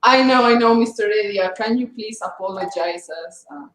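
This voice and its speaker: A woman's voice: mid-range voice, moderate pace, fairly bright tone, reverberant. A woman hosting a casual livestream, chatty and often laughing. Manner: giggly, chatty. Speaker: livestream host.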